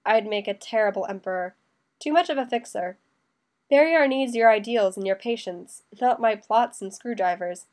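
A woman voicing a sharp-tongued, fiercely loyal young man who talks quick and defensive. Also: fairly high pitch, natural voice. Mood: wry.

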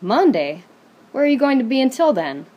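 A woman's voice: sits high, big pitch swings, moderate pace, highs cut off, voice pushed up. A woman voicing a proud, feisty young woman who speaks in a pointed, mocking way.

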